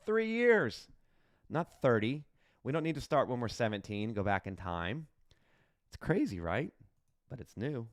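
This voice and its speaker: A lower-voiced man with a smooth, resonant tone, talking through an investment plan the way he would with a friend. He is lively and animated, keeps asking "right?" and laughs at his own slips. The sound is dry and close to the mic. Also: no room sound. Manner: animated, asks "right?" often, jokes at himself. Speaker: investment channel host. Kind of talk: casual finance explainer.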